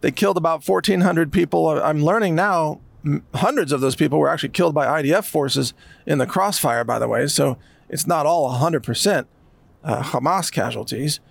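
A man's voice: on the high side, brisk, vocal fry, dry recording. A man delivering an emphatic, sarcastic commentary monologue. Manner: emphatic, sarcastic, mocks others in put-on voices. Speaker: political commentator.

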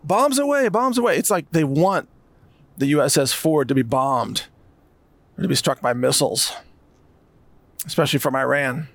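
A man's voice: mid-range voice, normal speed, creaky, long pauses, dry recording. A man delivering an emphatic, sarcastic commentary monologue. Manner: emphatic, sarcastic, mocks others in put-on voices. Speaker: political commentator.

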